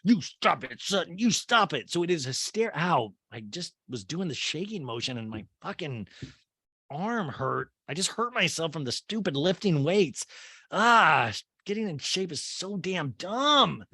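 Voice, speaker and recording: Dude podcast host rambling thru a reality tv recap, cursing, voice bouncing all over, dry close mic. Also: male voice, fairly high pitch, measured pace, breathy edge, no echo. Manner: animated, rambling, swearing and laughing.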